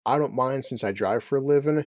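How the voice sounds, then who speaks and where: A man's voice: mid-range voice, fairly quick, no room sound, studio quality. A man giving a casual, brash, joking movie review with some profanity.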